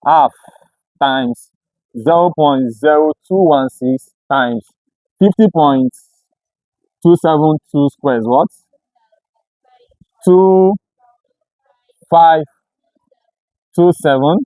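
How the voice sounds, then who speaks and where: A male physics tutor leads a lesson in call-and-response, leaving each sentence open for the students to fill in. His voice sits slightly high but sounds mellow. The recording is dry, with almost no room sound. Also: dry recording, low-quality recording. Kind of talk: classroom lecture.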